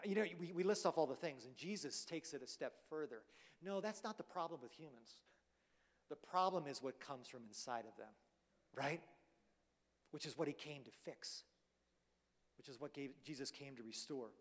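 A man's voice: on the high side, normal speed, long pauses. Man preaching in a big reverberant hall. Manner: conversational, often asks "right?". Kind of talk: sermon.

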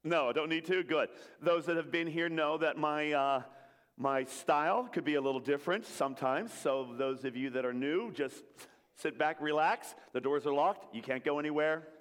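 A man gives a jokey, interactive sermon and gets the congregation to chant along. His voice sits a little high for a man. It rings out with the long reverb of a big hall. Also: moderate pace. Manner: jokey, leads the crowd in call-and-response. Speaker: preacher. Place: church hall with an audience.

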